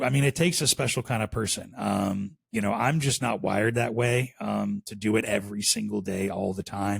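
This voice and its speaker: A man's voice: on the low side, gravelly, slightly rough, no room sound. A man from the Chicago area with a Chicago accent, chatting casually as a podcast guest and rambling with plenty of fillers. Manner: relaxed, rambling with many fillers. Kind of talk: casual interview chat.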